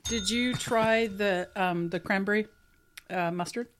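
A woman's voice: medium pitch, measured pace, a little hiss or hum. A woman co-hosting a podcast, chatting casually and matter-of-factly while eating. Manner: relaxed, matter-of-fact, talks with mouth full. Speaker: podcast co-host. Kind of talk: casual chat while snacking.

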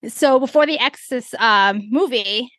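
A woman's voice: a little high, normal speed, dry recording. A woman co-hosting a podcast, talking casually with lots of fillers as she explains things. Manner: relaxed rambling with many fillers. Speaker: podcast co-host. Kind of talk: casual chat.

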